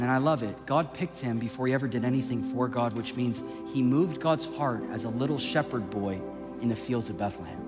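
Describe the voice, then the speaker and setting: A male pastor preaching a sermon, swinging from impassioned shouting down to a hushed, intimate delivery. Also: mid-range voice. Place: church sanctuary. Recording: long hall reverb with soft music behind.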